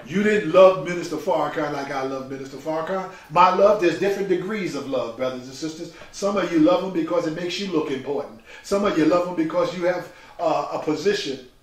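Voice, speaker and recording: A man's voice: fairly high pitch, brisk, hardly any pauses. An older man gives a preaching personal testimony, emphatic and repetitive, calling listeners brothers and sisters. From New York. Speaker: speaker telling his life story. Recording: very echoey room, far from the mic.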